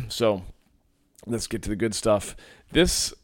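A man hosting his own podcast in a low early-morning voice, thinking aloud in a casual, reflective way with lots of fillers and restarts. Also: very animated, slow, a little mellow, dry recording, studio quality. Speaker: podcast host and men's coach. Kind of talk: casual solo podcast monologue.

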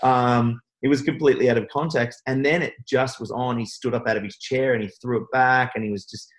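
A man's voice: mid-range voice, fairly even intonation, a little fast, low-quality recording. Rambling man telling his story. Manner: rambling, full of restarts and fillers. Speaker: guest. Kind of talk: interview storytelling.

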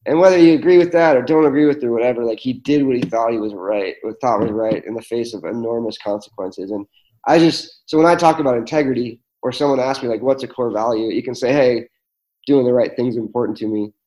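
A man's voice: medium pitch, fast talker, warm tone, low-quality recording. A man, telling personal stories as a guest in a conversation, earnest and full of fillers and restarts. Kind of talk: reflective storytelling in conversation.

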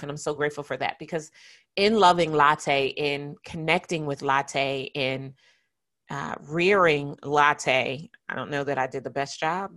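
A middle-aged woman hosting a podcast, speaking in an earnest, heartfelt way with slow, emotional pauses. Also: low-pitched, a bit bright. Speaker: podcast host for entrepreneurs. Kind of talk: reflective, heartfelt podcast monologue.

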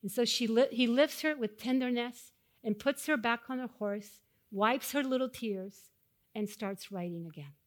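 A middle-aged woman preaching a sermon, telling personal stories to the congregation and swelling louder on key phrases. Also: fairly high pitch, moderate pace. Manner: personal storytelling addressed to a congregation.

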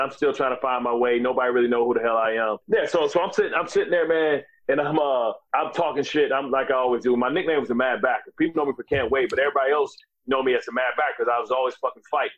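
Brash, fast-talking man on a podcast. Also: medium pitch, fairly bright tone, dry recording, muffled recording. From USA. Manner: brash, profane, repeats filler phrases. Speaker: guest, former athlete. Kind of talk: animated storytelling.

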